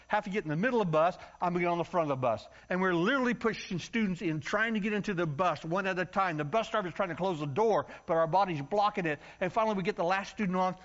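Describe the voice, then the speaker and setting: A man from the United States preaching a story-filled sermon, acting out voices and yelling for comic effect. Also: high voice. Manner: animated, acts out voices and yells for comic effect. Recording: dull lo-fi sound.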